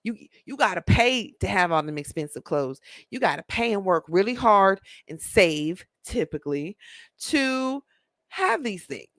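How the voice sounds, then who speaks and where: A woman's voice: medium pitch, sing-song, a little slow, fairly bright tone, no room sound. Chatty emphatic woman vlogger, dry sound. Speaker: parenting vlogger. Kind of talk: casual monologue to camera.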